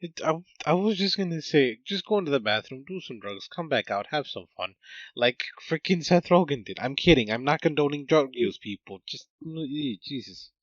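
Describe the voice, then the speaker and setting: A man's voice: a little high, lively intonation, normal speed, fairly bright tone, no room sound. A man casually recapping a movie on a podcast, joking with exasperated asides. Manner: jokey, exasperated asides, frequent laughs. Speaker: podcast host. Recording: dull lo-fi dry sound.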